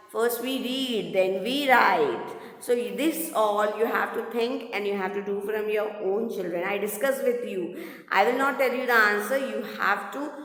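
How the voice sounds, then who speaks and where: Slow, patient Indian teacher, echoey room. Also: female voice, fairly high pitch, fairly bright tone. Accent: Indian English. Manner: patient, repetitive, keeps addressing the children, spells words out letter by letter. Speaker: primary school English teacher. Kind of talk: recorded online class explanation. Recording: echoey room with long reverb.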